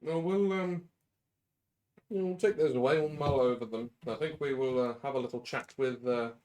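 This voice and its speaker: A man's voice: mid-range voice, moderate pace, darkish tone. A man chatting casually as a player in a tabletop game, laughing often.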